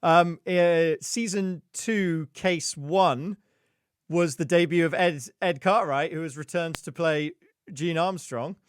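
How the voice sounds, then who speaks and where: Guy hosting a zoom stream, casual and sweary, slightly high voice, dry sound. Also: takes it slowly, smooth, no echo. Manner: loose, swearing, introducing guests with fillers. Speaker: host. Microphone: video call.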